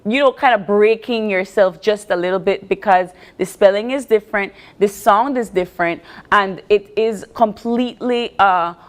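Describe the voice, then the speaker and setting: A woman's voice: medium pitch, normal speed, few pauses. A woman with a Belizean accent co-hosting a TV chat show, chatty and laughing often. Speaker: TV show co-host. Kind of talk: casual chat.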